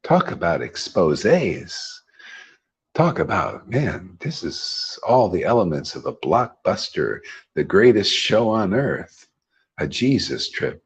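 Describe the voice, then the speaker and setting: A man's voice: low voice, sing-song, takes it slowly, husky. A man hosting a devotional class, preaching informally in a rambling, emphatic way with frequent laughs. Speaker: host leading a devotional class.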